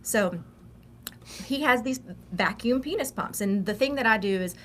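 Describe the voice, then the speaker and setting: A woman's voice: on the high side, animated, normal speed, fairly bright tone. Woman, Texan accent, frank, confident, plain-spoken, faint background hiss. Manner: frank, confident and straight-talking. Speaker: sex coach guest. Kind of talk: casual interview talk.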